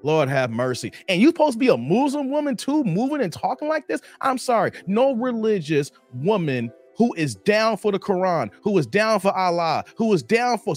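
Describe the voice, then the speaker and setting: A man hosting a reaction video, commenting in an animated, preachy way and tacking "here" onto his sentences. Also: high-pitched, moderate pace, few pauses, soft background music. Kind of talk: commentary on a played clip.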